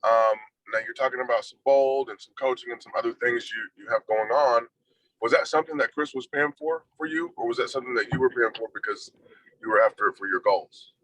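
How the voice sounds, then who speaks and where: A man with a bright, forceful voice puts a question to the speaker. He speaks in a friendly way and stumbles a little as he starts. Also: medium pitch, rough recording. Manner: friendly, slightly halting. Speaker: real estate agent asking a question. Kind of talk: audience question.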